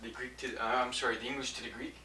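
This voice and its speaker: A man's voice: mid-range voice, flat delivery, very fast, bright, forceful tone. A man, a student in a classroom, answering hesitantly with many uh and um. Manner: hesitant, full of uh and um. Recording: echoey classroom from far off, faint hiss.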